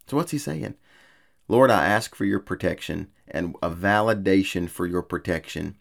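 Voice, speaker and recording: A man's voice: deep voice, normal speed, vocal fry. A man preaching a sermon in an earnest, repetitive cadence. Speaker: pastor.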